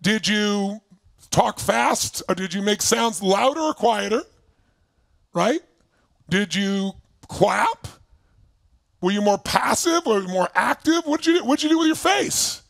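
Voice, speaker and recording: A man leading an online seminar as a motivational speaker, energetic and emphatic, firing questions at his audience. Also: sits high, unhurried, pauses often, dry recording. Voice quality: gravelly, husky. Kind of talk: live online seminar coaching. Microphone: speaking to camera for remote viewers.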